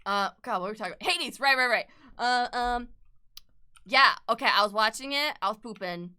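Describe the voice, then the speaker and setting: A young woman streaming herself as she draws, chatting casually in a bright, crisp, slightly high voice. She gushes with excitement, swears freely and laughs a lot. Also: brisk. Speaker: artist livestreamer. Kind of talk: casual chat while drawing.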